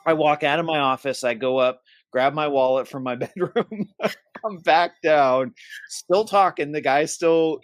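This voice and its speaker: A podcast co-host with a voice on the high side speaks at a measured pace in a dry recording. He casually tells the story of a tense phone call, voicing both sides himself.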